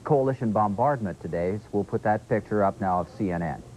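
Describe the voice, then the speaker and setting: Brief: male local anchor, low voice, quick scripted lead-ins. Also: darkish tone, low-quality recording. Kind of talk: broadcast announcing.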